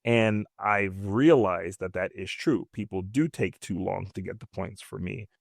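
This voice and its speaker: A man co-hosting a casual podcast, talking quickly and thinking out loud with fillers and restarts. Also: low-pitched, vocal fry, no room sound, studio quality. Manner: quick, self-reflective, many fillers and restarts. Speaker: podcast co-host. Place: podcast studio.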